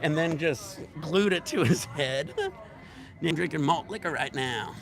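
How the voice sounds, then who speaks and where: A man's voice: fairly high pitch, lively intonation, measured pace, gravelly, a crowd in the background. A man hosting a casual livestream, telling rambling, profane stories at a resort bar. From United States. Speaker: livestream host.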